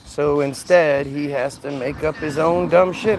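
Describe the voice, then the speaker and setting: A man's voice: fairly high pitch, steady tone, measured pace, few pauses, a little mellow, a little hiss or hum, poor audio. A man hosting a livestream, talking casually in a sarcastic, mocking, profane way. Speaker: livestream host reading chat.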